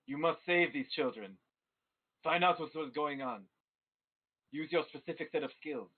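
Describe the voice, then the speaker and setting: A man's voice: on the high side, normal speed, husky. A man voicing an irritable old male master who scolds and smacks his pupil. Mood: stern. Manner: exasperated, scolding. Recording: tinny phone-like audio.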